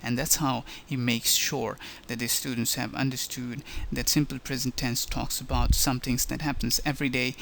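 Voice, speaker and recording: Gravelly-voiced male teacher explaining. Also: medium pitch, level tone, normal speed, few pauses, a bit bright, slight background noise. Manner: explanatory, stresses key words. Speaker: language instructor. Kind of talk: slideshow lecture narration.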